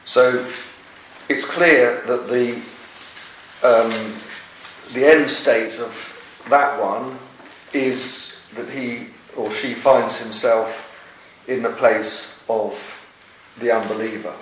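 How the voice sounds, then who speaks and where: A man leading a Bible study discussion, speaking in a measured, earnest way with frequent pauses. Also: medium pitch. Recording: echoey room, distant mic, faint hiss.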